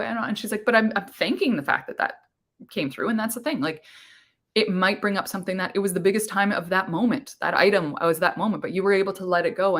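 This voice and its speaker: A woman host giving an earnest, casual motivational talk, repeating her points with many fillers. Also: lowish voice.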